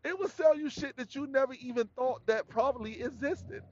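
A man hosting a solo podcast, talking in a rambling, slangy, animated way. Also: extremely high pitch, a little fast, no echo, highs cut off. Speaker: podcast host.

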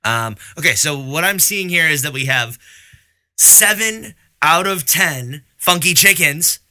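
A man's voice: fairly high pitch, expressive, a little slow, pushed and bright, no echo. A man hosting a casual podcast chat, wry and rambling, with lots of "uh" and "um". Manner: rambling, filler-heavy, wry. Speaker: podcast host.

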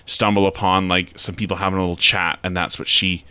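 A man's voice: low voice, level tone, a little fast, pushed and bright, clean tone, dry recording. A man talking casually as a co-host, giving frustrated critical asides with rambling restarts. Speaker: podcast co-host. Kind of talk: casual chat.

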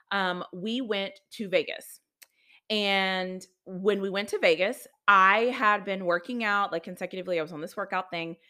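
A woman in her thirties talks straight into her podcast mic with a bright, forward voice. She rambles candidly through a personal story, full of "like" and "right?", and drops the odd curse. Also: mid-range voice. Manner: chatty, filler-heavy, candid, swears casually. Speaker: podcast host.

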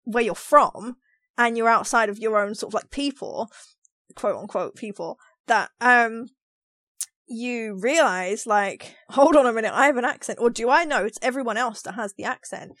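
A woman with a London accent, co-hosting a podcast in casual, rambling chat, self-deprecating and quick to laugh. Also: fairly high pitch, fairly bright tone, no room sound. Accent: London English. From London, England. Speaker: podcast co-host.

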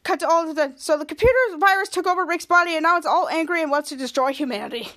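A woman's voice: extremely high pitch, rapid-fire, fairly bright tone. A woman podcast host recapping a TV episode casually and rambling, stringing scenes together with repeated "cut to.".

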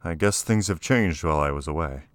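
A man reading aloud, voicing a gentle adult male doctor held as a prisoner. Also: a bass voice, a little fast, no room sound.

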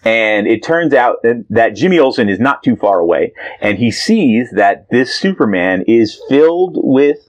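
A man's voice: mid-range voice, very animated, normal speed, highs cut off. A man co-hosting a podcast, recapping a comic in casual, teasing chat with plenty of hesitations. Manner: playful, teasing, hesitant with fillers. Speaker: podcast co-host.

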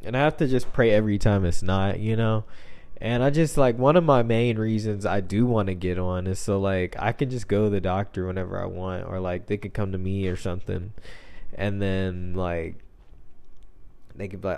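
A man's voice: on the low side, fairly even intonation, moderate pace, a little mellow, smooth. A young man hosting a solo podcast, rambling loosely in heavy slang with lots of filler words. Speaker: podcast host.

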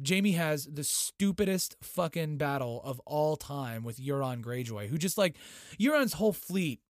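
A man giving an excitable, foul-mouthed casual recap of a TV episode. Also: a little high, no echo, clean studio sound. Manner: excitable, heavy swearing.

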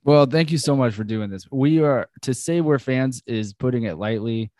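A man's voice: medium pitch, normal speed, warm tone, dry recording. A man hosting a podcast in casual, loose banter, swearing and laughing easily. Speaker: podcast host.

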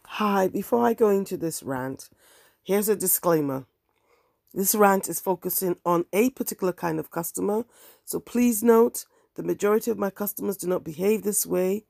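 A woman's voice: medium pitch, moderate pace, gravelly, a little mellow, no echo, clean studio sound. A woman hosting her own podcast, talking candidly in a wry, ranting monologue. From African heritage. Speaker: podcast host and bookseller.

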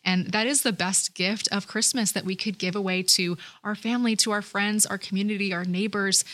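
A woman hosts a faith-based interview. She speaks in an ordinary middle pitch and keeps her tone encouraging and affirming toward her guest. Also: steady tone, fairly quick, a bit bright. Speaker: interview host. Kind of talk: casual Christian interview talk.

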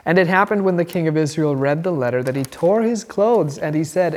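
A man's voice: fairly high pitch, fairly quick, hardly any pauses. Chatty guy teaching bible class, asks lots of questions, echoey room w/ long reverb. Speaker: catechism teacher.

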